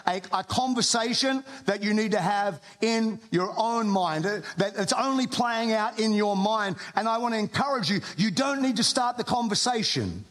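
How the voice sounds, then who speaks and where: A man's voice: sits high, a bit bright. A man with an Australian accent preaching a sermon to a church congregation, talking conversationally with humorous asides and frequent restarts. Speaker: pastor.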